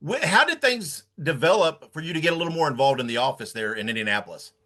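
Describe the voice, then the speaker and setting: A man's voice: a little high, lively intonation, quick pace, pushed and bright. A man hosting a podcast who asks long, eager questions that ramble and restart. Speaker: podcast host. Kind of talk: interview questions.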